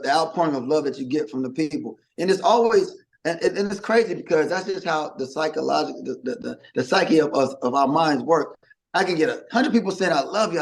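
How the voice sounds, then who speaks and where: A middle-aged man guesting on an interview, his voice sitting a little higher than most men's. He rambles in a casual, animated way, restarting sentences and acting out quick quotes.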